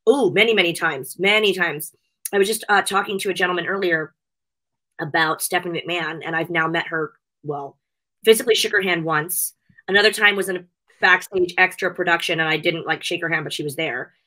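The guest here is a middle-aged woman who hosts a wrestling show, chatting casually in a lowish, sharp voice at a slightly quick pace. She's effusive and emotional, laughing frequently as she talks.

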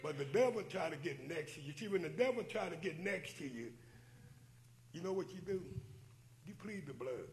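A man's voice: fairly high pitch, lively intonation, moderate pace, slight background noise, poor audio. A man preaching to a church congregation, exhorting them with rhetorical questions and repeated phrases. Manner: preacherly, repeats "but you know what?" and rhetorical questions. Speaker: church minister.

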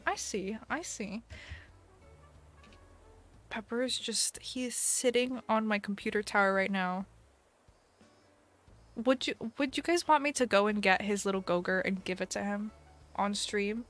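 A woman's voice: mid-range voice, a little slow, long pauses, fairly bright tone, faint music behind. A woman streamer chatting casually on a live stream, giggling often and talking to her pets. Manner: bubbly, giggly, baby-talks to her pets.

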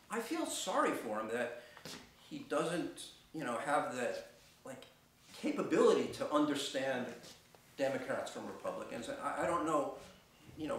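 A middle-aged man telling a personal story on stage, halting, with many restarts and fillers. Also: fairly high pitch, big pitch swings, a bit bright, slight background noise. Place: theater stage. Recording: echoey theater from far off.

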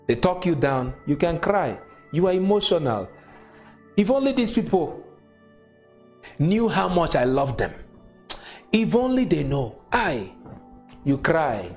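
A man's voice: sits high, big pitch swings, unhurried, soft background music. A man whose first language is not English preaches a sermon, repeating phrases with emphatic, consoling delivery.

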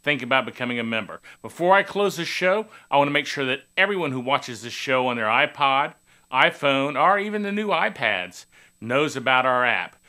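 A man hosts a sports TV show and talks straight to viewers. His voice is bright and forceful. His delivery is chatty and promotional. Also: mid-range voice, lively intonation, normal speed. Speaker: TV show host. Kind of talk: scripted show intro and outro.

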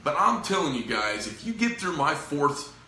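Middle-aged guy who runs a knife shop, ranting and cursing to camera, bright punchy voice. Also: a little high, sing-song, moderate pace, reverberant. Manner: profane, frustrated, rambling. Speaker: knife company owner. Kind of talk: casual venting to camera.

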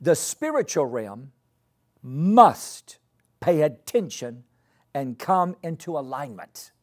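A man preaches a sermon at an unhurried pace. His voice swings widely in pitch as he drives home each point, repeating key phrases and calling the congregation to repeat them after him. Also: a little mellow. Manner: leads the congregation in call-and-response. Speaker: pastor.

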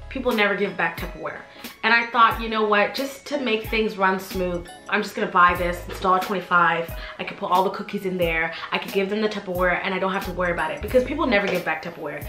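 A woman's voice: mid-range voice, bright, forceful tone. A woman in her twenties talking casually to her viewers, chatty and playful, repeating phrases for emphasis. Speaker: YouTuber. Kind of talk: casual vlog haul chat. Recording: roomy with faint background music.

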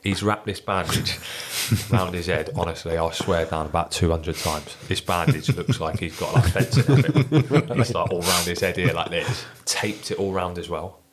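A man's voice: low-pitched, normal speed, hardly any pauses. An ex-footballer telling a story on a podcast in casual chat, swearing often and laughing as he goes. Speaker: ex-professional footballer guest.

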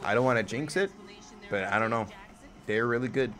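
Excitable man chanting live game commentary. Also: mid-range voice. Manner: excitable, repeats names and words in rapid chants; swears freely, stumbles over words. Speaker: live stream host.

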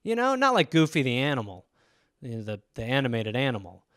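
A man hosting a comedy podcast, riffing alone in a rambling, profane, animated way. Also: medium pitch, a little fast, no echo, studio quality.

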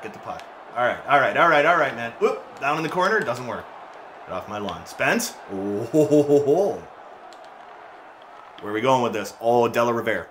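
A man giving casual commentary as he plays a hockey video game, excitable and mocking his teammates, with frequent shouts and laughs. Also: mid-range voice, normal speed, slight background noise. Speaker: gaming YouTuber.

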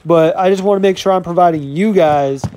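A man in his twenties talks casually over his own gameplay, with a slightly raised pitch. He keeps the energy upbeat and hyped, tossing in the same catchphrases again and again. A faint noise sits under his voice. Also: fairly quick, dark tone. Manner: upbeat hype talk, keeps saying "you know what I'm saying". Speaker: gaming YouTuber.

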